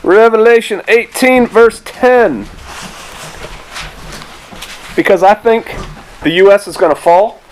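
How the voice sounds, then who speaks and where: A man's voice: sits high, slow pace, pauses often, slight background noise, poor audio. A middle-aged man, a pastor, preaching a sermon in a conversational, rambling way with rhetorical asides.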